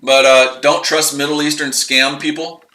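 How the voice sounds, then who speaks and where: A man's voice: a little high, flat delivery, moderate pace, sharp tone, roomy sound, low-quality recording. A man hosting a casual live trading stream, rambling and repeating himself as he explains his trades. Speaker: trading livestream host.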